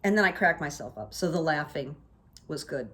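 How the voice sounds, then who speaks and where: A woman's voice: low voice, animated, moderate pace, a bit bright. Woman vlogger rambling through little daily stories, chatty, does the voices of people she met. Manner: chatty and anecdotal, acts out quoted people. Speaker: vlog host. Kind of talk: casual storytelling monologue.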